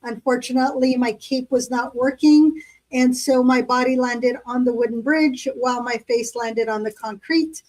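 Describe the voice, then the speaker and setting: A woman chats casually as a podcast co-host, spinning long stories full of fillers. Her voice sits high. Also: steady tone, moderate pace, darkish tone, poor audio. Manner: chatty storyteller, lots of fillers. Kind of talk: casual chat.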